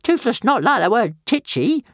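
A man voicing a tiny, timid male dragon in an audiobook, squeaky and stuttering, wailing and huffy, talking of himself by name. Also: sing-song, normal speed, no room sound, studio quality. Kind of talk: audiobook character voice.

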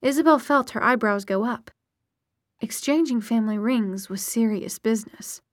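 A woman narrating a novel aloud in a steady, measured storytelling manner. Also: on the high side, no echo, studio quality. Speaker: audiobook narrator. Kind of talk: audiobook narration.

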